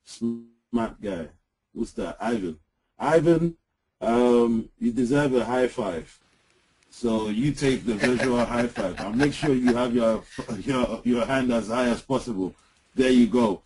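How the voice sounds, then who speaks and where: A man co-presenting a webinar, speaking in a halting, casual way with lots of fillers and some teasing jokes. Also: mid-range voice, darkish tone, a little hiss or hum, low-quality recording. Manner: halting, many fillers and restarts, joking.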